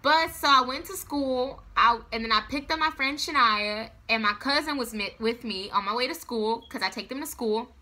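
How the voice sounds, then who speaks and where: A young adult woman telling a story to camera in a casual vlog, with dramatic, animated delivery. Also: fairly high pitch, normal speed, hardly any pauses. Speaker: vlogger.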